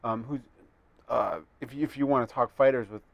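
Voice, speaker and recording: A man with a mid-pitched voice rambles through casual podcast chat with halting restarts. The sound is close and dry. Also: steady tone, gravelly, dry recording, dull audio. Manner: rambling, hesitant, joking. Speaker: podcast co-host.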